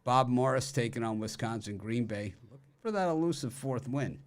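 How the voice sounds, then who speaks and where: On his sports betting show, a medium-pitched man moves at a moderate pace through a list of college matchups. The chat stays casual and joking, with dry one-liners tucked between games.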